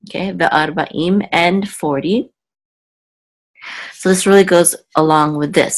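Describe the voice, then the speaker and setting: A woman with a low voice who talks slowly and patiently, explaining each word as she goes. She pauses often, stops to think aloud and corrects herself mid-sentence. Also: fairly even intonation, low-quality recording. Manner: halting, thinks aloud, frequent ums and self-corrections. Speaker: Hebrew teacher. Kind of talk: slow, patient word-by-word teaching.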